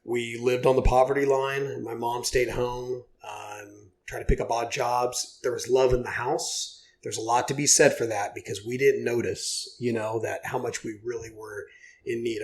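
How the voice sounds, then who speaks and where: A man's voice: mid-range voice, flat delivery, moderate pace, a little hiss or hum. A man in his forties from Oklahoma, a podcast guest telling his story in an earnest, heartfelt way, with lots of fillers. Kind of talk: casual podcast interview.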